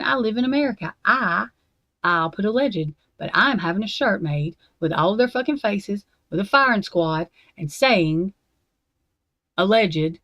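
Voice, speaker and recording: A woman's voice: lowish voice, dry recording. A woman, hosting a livestream and ranting to her viewers, profane and fired up. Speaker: true crime livestream host. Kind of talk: angry unscripted rant to viewers.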